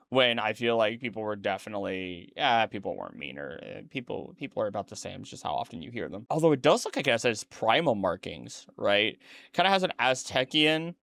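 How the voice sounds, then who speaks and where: A man's voice: medium pitch, fairly bright tone, no room sound. Brief: tired man, casual rambling reaction commentary, close dry mic, mid-range voice. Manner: rambling, self-correcting, chatty asides. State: tired, yawning late at night. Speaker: streamer reacting to a documentary.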